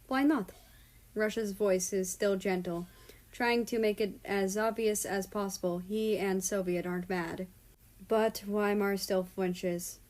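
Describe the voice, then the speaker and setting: Woman narrator for a read-aloud story; calm, steady, unhurried. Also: mid-range voice. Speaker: story reader. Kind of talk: reading fan fiction aloud.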